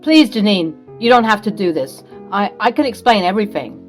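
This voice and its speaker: A woman's voice: medium pitch, expressive, brisk, soft background music, close to an everyday voice. A woman voicing a scheming stepfather, a middle-aged man who blusters defensively. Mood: pleading.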